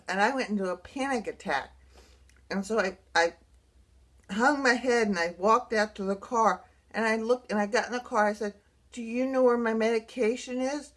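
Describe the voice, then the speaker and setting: Earnest woman telling a story. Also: medium pitch. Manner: earnest, rambling, with restarts. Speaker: blogger sharing personal experience. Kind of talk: casual personal storytelling to camera.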